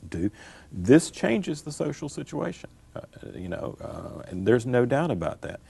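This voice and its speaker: A man's voice: on the low side, creaky, darkish tone, husky, no room sound. A middle-aged man, a scholar answering interview questions in an emphatic, lecturing way, repeating his key phrases. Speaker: guest scholar.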